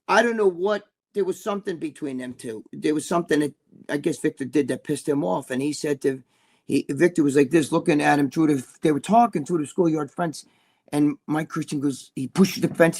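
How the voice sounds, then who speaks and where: A man with a somewhat high voice spins tales as a guest in a casual interview. He swears freely, rambles, and keeps restarting his sentences. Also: darkish tone. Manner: profane, rambling, with many restarts. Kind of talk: casual storytelling.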